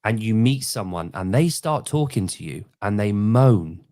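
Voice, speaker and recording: A man in his forties from Britain, hosting a casual podcast chat and telling stories with lively energy. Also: fairly low pitch, measured pace, no room sound, studio quality. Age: 40s. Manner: animated storyteller, mimics people in quoted voices. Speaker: podcast host.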